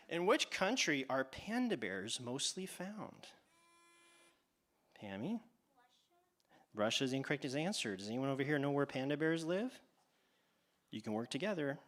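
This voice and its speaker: Upbeat male game-show host for kids, playful and teasing, pitch sits a bit high and swings widely. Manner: animated, teasing, exaggerated pauses. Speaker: quiz host at a church kids' event. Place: church hall stage.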